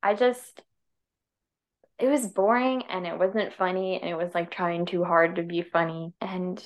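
A woman's voice: on the low side, fairly even intonation, measured pace. A woman co-hosting a podcast, chatting casually about films in an easygoing, hedging way with frequent laughs. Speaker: podcast co-host. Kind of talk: casual film chat. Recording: dull lo-fi audio.

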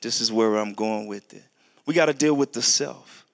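Slow, deliberate scripture reading gives way to abrupt, animated outbursts, high and loud, as a male pastor preaches his sermon.

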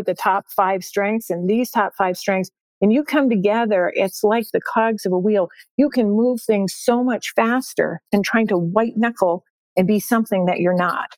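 A woman's voice: medium pitch, darkish tone, no room sound. An older woman, a success coach, speaking as a podcast guest in an upbeat, emphatic way and repeating her key phrases. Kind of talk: podcast interview.

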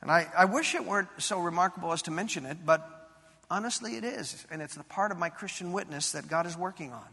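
High-pitched, creaky, husky and pushed bright, the pastor's voice runs a little fast as he preaches. He recounts a personal story with earnest confession that swells into fervent emphasis, echoing with long reverb in the big sanctuary hall.

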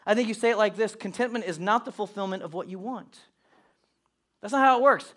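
Animated high-voiced preacher man. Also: brisk. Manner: animated, storytelling with acted-out asides. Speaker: pastor. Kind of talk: sermon.

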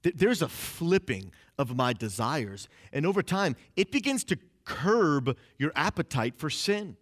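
A young man preaching a sermon in a casual, conversational way, peppered with "like" and quick acted-out inner voices. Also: on the high side, sing-song. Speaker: pastor.

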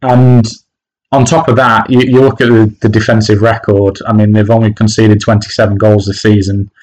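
This podcast co-host, a man and football fan, has a lowish, slightly mellow voice that barely moves in pitch, and he talks at a moderate pace on a casual football show. He's hesitant, restarting frequently and using many fillers, captured in a low-quality recording.

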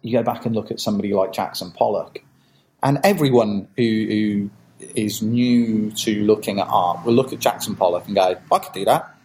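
Animated man, jokey chat. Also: on the low side, normal speed, slight background noise, poor audio. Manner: animated, acts out quoted reactions with jokey voices. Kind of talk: casual conversational interview.

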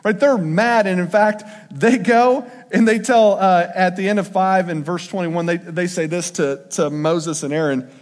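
A man's voice: sits high, unhurried, few pauses. A man preaching a casual sermon, talking conversationally and acting out the quotes in changing voices. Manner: conversational, acts out quotes with shifting voice. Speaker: pastor. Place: church sanctuary. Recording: long hall reverb.

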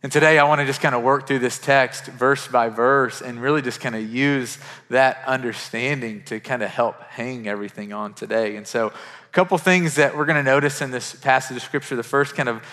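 A man in his thirties from western Kentucky preaching a sermon as pastor, earnest and conversational, restarting phrases and dropping to a hush for quoted lines. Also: medium pitch, fairly quick. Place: church sanctuary. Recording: church sanctuary with long reverb.

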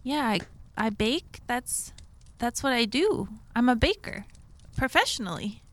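A woman's voice: fairly high pitch, expressive, unhurried. A woman playing in a tabletop game, cheerful and chatty in role. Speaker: player.

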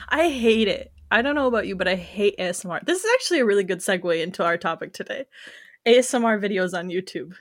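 A woman's voice: mid-range voice, animated, quick pace, no echo, clean studio sound. A young adult woman co-hosting a podcast in casual chat, giggly and full of fillers. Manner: giggly, chatty, many fillers. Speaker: podcast co-host.

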